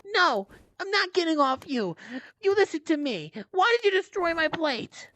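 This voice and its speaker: A woman voicing a bossy female robot doll in a toy play-acting video, scolding and demanding answers loudly. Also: very high-pitched, big pitch swings, normal speed, heavily acted.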